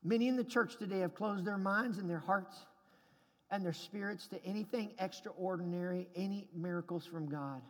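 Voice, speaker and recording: A man preaching a sermon as a pastor, emphatic, building to loud shouted climaxes. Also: high-pitched, normal speed, big-room sound.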